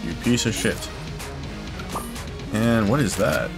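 A young man with a low voice gives casual, sweary gameplay commentary, jumping into excited, frustrated outbursts. Game music plays clearly behind him. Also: slow pace. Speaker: gamer.

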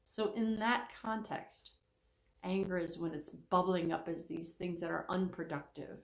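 A woman counselor gives a faith-based teaching talk, voice carrying a gravelly edge. She is animated and slips into little acted-out quotes. The sound rings a bit in a roomy space. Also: unhurried. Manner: animated, acts out quoted speakers with pitch jumps.

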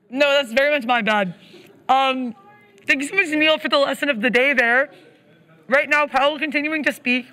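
A woman's voice: high voice, normal speed, sharp tone. A woman co-hosting a live trading stream, chatty and bubbly.

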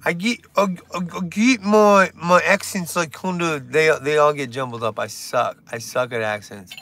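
A man's voice: a little high, normal speed, hardly any pauses, fairly bright tone. Rambling, foul-mouthed young man on a live stream. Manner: rambling, swears a lot, breaks into silly songs.

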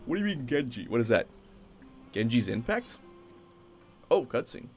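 Man, gaming streamer, casual play-by-play chat, very animated intonation, swears casually, soft game music behind. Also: medium pitch, normal speed. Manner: chatty, excitable, swears casually. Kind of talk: casual live gameplay commentary.

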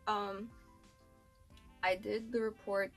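A woman's voice: mid-range voice, little pitch movement, takes it slowly, faint music behind. A young woman telling a story in casual chat, slangy and filled with "like," swearing freely. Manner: slangy, swears, many likes. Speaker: beauty vlogger.

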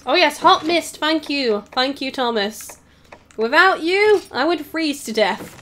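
A young woman from England, her accent a mix of Scouse, Welsh and English, giggles and chats through live let's-play commentary as a gaming streamer, reading viewer messages aloud. Her high, expressive voice is pushed and bright yet unhurried, picked up on a desk microphone with slight background noise.

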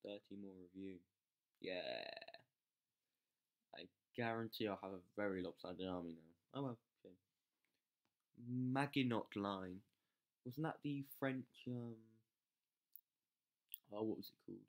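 A gamer commentating live gameplay, excitable, yelling at troops, swearing and mocking themself. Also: low voice, unhurried, long pauses. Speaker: game channel host.

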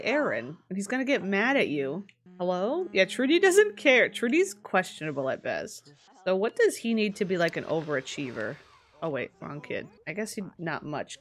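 A woman casually commenting on a life simulation game as she plays, chatty and excitable, laughing often. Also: medium pitch. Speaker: streamer. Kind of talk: casual let's-play commentary.

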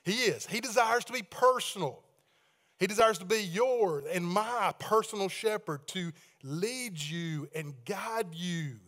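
Male pastor, fairly high voice, leads call-and-response sermons in a church. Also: lively intonation, measured pace. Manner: leads congregation in call-and-response readings and hand-raising; swings between loud proclaiming and hushed prayer. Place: church sanctuary with balcony.

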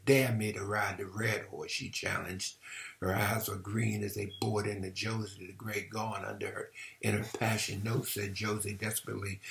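A man reads a novel aloud with a low voice that has a gravelly edge. His delivery is measured and steady, like a storyteller, with the odd slip he goes back to fix. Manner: measured storytelling with occasional restarts.

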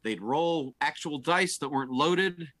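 An older man acting as game master in an improvised comedy scene over a video call, with a dry, deadpan delivery. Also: on the high side, a little slow, no echo.

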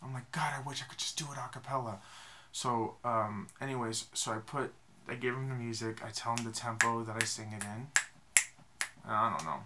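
A man's voice: medium pitch, a little fast, noisy background. Rambling young man telling a nervous story. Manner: rambling, animated, self-deprecating, with sung snatches. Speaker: vlogger. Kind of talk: casual storytelling.

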